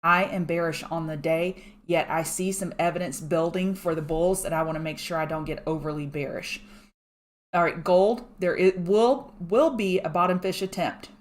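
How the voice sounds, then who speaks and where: A woman giving fast, chatty live chart commentary from home and thanking viewers by name. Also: lowish voice, steady tone. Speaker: market analyst host. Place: home room.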